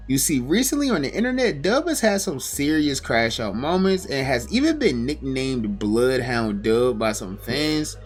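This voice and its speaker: A man narrating a scripted commentary video, explaining and telling a story. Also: mid-range voice.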